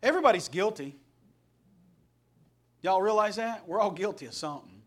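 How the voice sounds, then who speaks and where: Pastor, middle-aged man from Indiana, high voice, folksy storyteller with a joking streak. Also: expressive, normal speed, fairly bright tone. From Indiana, USA. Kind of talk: sermon.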